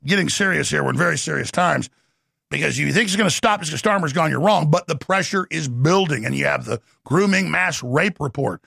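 A man's voice: on the high side, gravelly, a bit bright, breathy edge, no echo, studio quality. A middle-aged man hosting a talk show, ranting in a bombastic, scornful way. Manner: bombastic, fast-talking, scornful. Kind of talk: ranting talk radio monologue.

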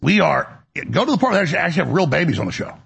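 Man, show host, deeply gravelly voice, slightly raised pitch, agitated rambling delivery, studio broadcast. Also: sing-song, very fast, fairly bright tone. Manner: agitated, repetitive, with many restarts. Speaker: radio and web show host.

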